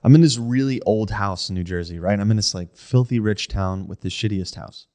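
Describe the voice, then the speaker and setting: A young man with a fairly low voice tells a personal ghost story in an easy, chatty way. He keeps checking in with his listener and slips into other people's voices when he quotes them. He comes across as a casual podcast host. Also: brisk. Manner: animated storyteller, acts out quoted voices, frequent "like" and "right?".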